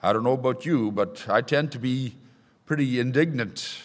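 A man's voice: mid-range voice, normal speed. Male pastor preaching from the pulpit, emphatic scripture reading, long church reverb. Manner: reads scripture aloud with rising emphasis. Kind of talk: sermon. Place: church sanctuary.

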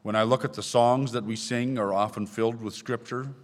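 A man's voice: medium pitch, steady tone, a little fast. A man preaching a sermon in a church, reading scripture aloud with rising emphasis. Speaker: pastor. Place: church sanctuary. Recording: long hall reverb.

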